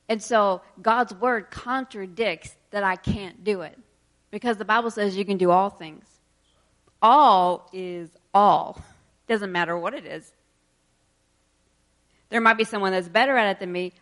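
A woman preaching a sermon, reading scripture verses slowly and with emphasis, then explaining them in quicker asides and laughing between points. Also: medium pitch, fairly bright tone.

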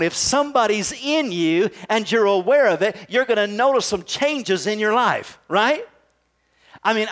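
High-voiced man preaching casually. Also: a bit bright. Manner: conversational preaching with frequent "right?" tag questions. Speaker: pastor. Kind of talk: sermon. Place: church service.

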